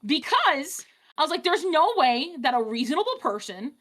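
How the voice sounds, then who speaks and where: A woman telling a story in casual chat on a live stream, animated, with many fillers and restarts. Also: high voice, normal speed. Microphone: streaming mic.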